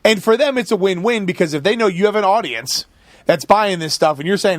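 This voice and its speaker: Male podcast guest, high pitch, animated storyteller, dry close mic. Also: brisk, no room sound. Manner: animated, storytelling with acted-out quotes. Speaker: guest, food company founder. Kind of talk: casual podcast chat.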